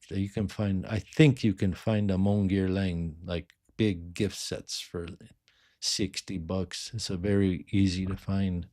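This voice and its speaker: A middle-aged man who sells fragrances, chatting casually on a livestream and rambling through viewer questions with many quiet asides. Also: sits low. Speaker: fragrance seller answering live chat.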